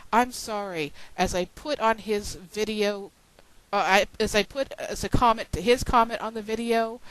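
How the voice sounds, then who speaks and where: A woman's voice: medium pitch, fairly bright tone, no echo, rough recording. Fed-up woman venting on a home webcam, sarcastic, cusses a lot, dry no-room sound. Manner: exasperated, swearing, sarcastic. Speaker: video blogger. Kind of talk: frustrated webcam rant.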